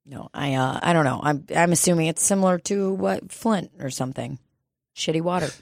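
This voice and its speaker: A woman's voice: sits low, brisk, gravelly, no room sound, studio quality. A woman chatting casually and comedically, laughing often and swearing freely. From Russian family background.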